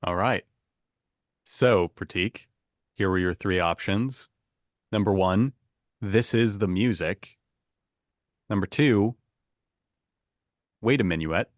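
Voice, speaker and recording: A man hosting a podcast quiz game, chatty and quick to laugh as he reads out the options. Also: fairly low pitch, no room sound, clean studio sound. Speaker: quiz host.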